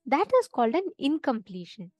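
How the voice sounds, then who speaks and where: A woman's voice: sits high, very animated, moderate pace, a little mellow, no room sound. A woman teaching a live online spiritual session, explaining step by step and often checking that her students understand.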